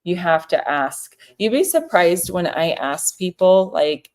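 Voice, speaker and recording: A relaxed woman in her thirties chats on a livestream from her home office, her voice sitting low. She talks easily and acts out short phone calls in little voices as she goes. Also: a little slow, few pauses. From South Florida. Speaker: real estate broker hosting a livestream. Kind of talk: casual livestream advice chat.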